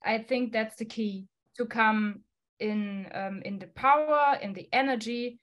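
A woman's voice: fairly high pitch, measured pace, a bit bright. A woman answering as a podcast guest in emphatic non-native English, laughing often and swearing bluntly. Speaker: guest musician.

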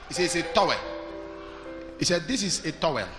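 Pastor preaching, high and lively. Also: male voice, a little fast, reverberant, long reverb tail, music in the background. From Nigeria. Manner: storytelling that builds to shouted declarations. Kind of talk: sermon. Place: large church hall.

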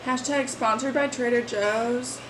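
A woman's voice: a little high, steady tone, unhurried, over music. A young woman chatting and joking while cooking and eating in a casual vlog. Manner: giggly, joking. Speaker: vlogger.

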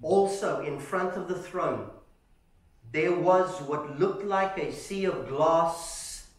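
A man preaching a sermon in a church, telling stories with animated shouts, calling the congregation "family" and asking "Amen?". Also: on the high side, takes it slowly. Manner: animated storytelling, acting out shouts. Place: church hall. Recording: echoey church hall.

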